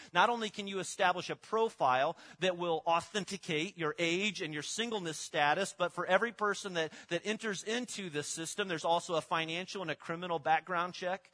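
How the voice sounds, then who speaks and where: Bright-voiced man preaching conversationally. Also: high-pitched. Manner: conversational, repeats words and restarts, uses props. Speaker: pastor. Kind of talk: sermon.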